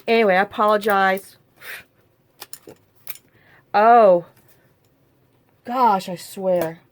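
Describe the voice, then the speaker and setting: A middle-aged woman with a mid-range voice draws out her words while hosting a crafting video. She rambles casually, chatting to herself as she works through the tutorial.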